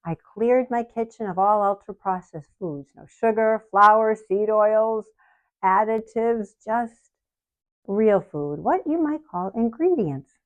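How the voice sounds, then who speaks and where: Slow, earnest woman in her sixties. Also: medium pitch, lively intonation, highs cut off. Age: 60s. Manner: slow, earnest storytelling with soft laughs. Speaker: channel host. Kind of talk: personal story told to camera.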